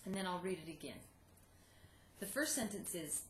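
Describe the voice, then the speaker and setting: A woman teaching a video lesson to second graders, dictating sentences slowly and clearly and cheering the children on. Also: on the low side, lively intonation, a bit bright, echoey room. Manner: slow, clear dictation, encouraging. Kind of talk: video lesson for young students.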